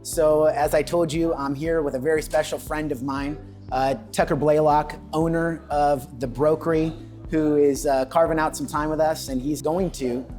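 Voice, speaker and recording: A man's voice: on the high side, steady tone, moderate pace, a little mellow, faint music behind. A man hosting a casual interview inside an office, eager and affirming as he talks with his guest. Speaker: host, mortgage loan officer. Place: inside a real estate office.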